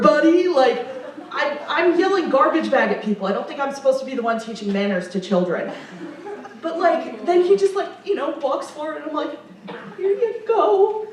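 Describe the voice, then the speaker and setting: A woman's voice: sits high, slight background noise. A young woman telling a comic story on stage, chatty and self-amused, with lots of fillers. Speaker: improv performer. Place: performance room. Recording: very echoey room from far off.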